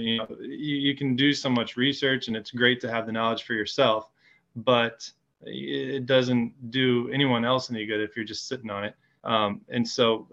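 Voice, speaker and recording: A male interview guest with a bright, forceful voice that comes through a dull, lo-fi remote line. He speaks haltingly and stops often to restart his sentences. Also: mid-range voice. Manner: hesitant, many ums and restarts. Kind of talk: casual interview.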